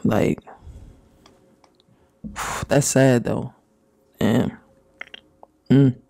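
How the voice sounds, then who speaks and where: A man doing casual, profane reaction commentary and reading messages aloud, with drawn-out reactions. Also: medium pitch, steady tone, creaky, dark tone, dry recording. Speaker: commentary YouTuber.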